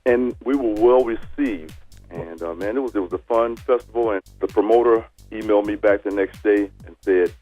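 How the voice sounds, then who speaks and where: Lower-voiced Detroit man on phone interview. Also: moderate pace, muffled recording, soft background music. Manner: relaxed, storytelling, joking. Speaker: band leader guest.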